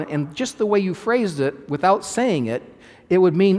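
A man's voice: high voice, lively intonation, moderate pace, long reverb tail. A man preaching a sermon as pastor, earnest and emphatic, restarting phrases as he explains scripture.

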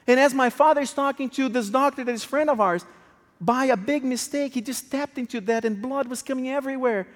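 High-voiced man preaching in a reverberant hall. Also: a little fast. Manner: emotional, swings from hushed to raised. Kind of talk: sermon storytelling.

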